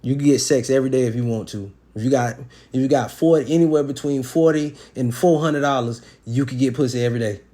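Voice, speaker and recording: A man's voice: mid-range voice, fast, mellow. A man giving blunt relationship advice in a casual monologue, talking in slang with sports analogies and acting out quotes. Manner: profane, streetwise slang.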